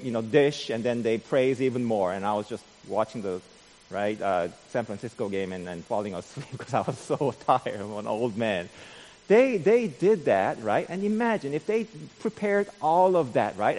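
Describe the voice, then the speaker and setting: A man preaching a sermon as pastor, peppering his points with "right?" and swinging from quiet musing to loud, emphatic delivery. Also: medium pitch, long reverb tail. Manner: frequent tag "right?".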